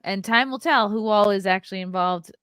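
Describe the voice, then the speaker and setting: A woman hosting a podcast, reacting to her guest with quick joking interjections. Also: medium pitch, fairly bright tone, smooth, no echo, studio quality. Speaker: podcast host. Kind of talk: casual podcast conversation.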